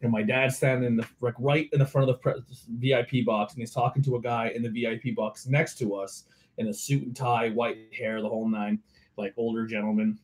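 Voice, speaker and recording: A man's voice: mid-range voice, fairly quick. Man telling a rowdy drinking story. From eastern Pennsylvania. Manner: animated, swearing, laughing through stories. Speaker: podcast host. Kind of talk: casual storytelling over beers.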